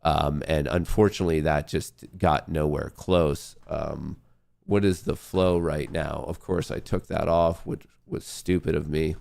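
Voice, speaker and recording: A man's voice: rumbling low, steady tone, a little slow, creaky, a little mellow. A man hosting a live stream about trading, thinking aloud to his viewers and muttering to himself at his computer. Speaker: livestream host and day trader.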